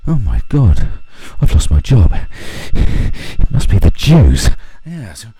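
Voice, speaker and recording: A man voicing a panicking male conspiracy theorist, exclaiming loudly and frantically. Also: fairly low pitch, huge pitch swings, takes it slowly, husky, no echo, heavily acted. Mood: panicked.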